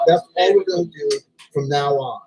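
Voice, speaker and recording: A man's voice: fairly high pitch, wildly swooping pitch, normal speed, gravelly, a loud crowd, poor audio. A man streaming live, ranting and swearing in an exasperated, self-repeating way about media and his notes. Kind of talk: profane ranting livestream chat. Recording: music playing behind.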